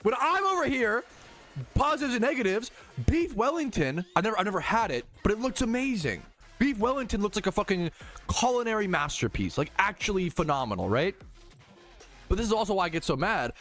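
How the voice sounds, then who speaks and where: Animated profane American streamer. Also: male voice, sits high, fairly quick, soft background music. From United States. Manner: profane, animated, heated ranting. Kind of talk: casual ranting to chat.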